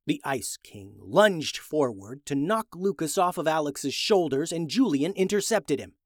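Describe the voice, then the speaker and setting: Male narrator for a kids' adventure story, slightly high voice, lively, close dry sound. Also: a little slow, no echo.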